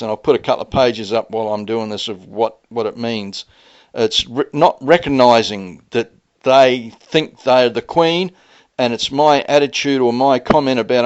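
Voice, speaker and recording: A man's voice: mid-range voice, moderate pace. Aggrieved rambling man. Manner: aggrieved, rambling, often heated. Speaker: vlogger. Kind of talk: personal storytelling vlog. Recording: dull lo-fi audio.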